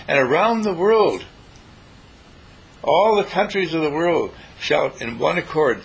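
Man giving a lively, playful peace talk. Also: on the high side, takes it slowly, long pauses, slightly rough, rough recording. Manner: playful, preachy, acts out voices of others. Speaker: spiritual teacher. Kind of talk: inspirational talk to a small group.

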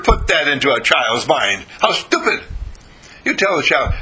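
An older American spiritual teacher with a slightly high, sharp voice talks very animatedly and a little fast. His informal sermon to students rambles in a folksy way, full of fillers and restarts. The low-quality recording has slight background noise.

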